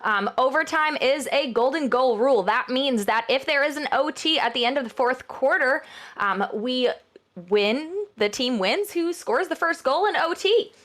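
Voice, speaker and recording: A woman's voice: sits high, expressive, normal speed, fairly bright tone. A woman from New York casting a live esports match, chatty and bubbly. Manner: bubbly, chatty, laughs often. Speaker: esports caster. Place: broadcast booth.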